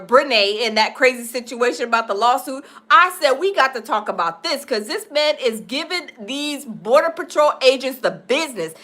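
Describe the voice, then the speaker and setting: A woman hosting a live stream, chatting casually and laughing as she reacts to a video for her viewers. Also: sits high. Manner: animated, laughing, addresses viewers as y'all.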